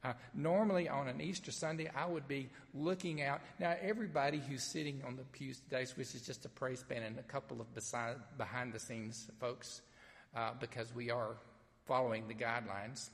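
A man with a Southern accent, a pastor from Mississippi, preaching an Easter sermon in a folksy storytelling way with gentle humor. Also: mid-range voice, steady tone, normal speed, big-room sound. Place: sanctuary with only a few people present.

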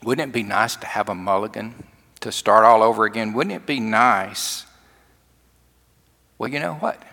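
Gravelly preacher in a reverberant church. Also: male voice, on the low side, moderate pace. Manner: folksy storytelling, shifts from loud to hushed. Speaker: pastor. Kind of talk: sermon.

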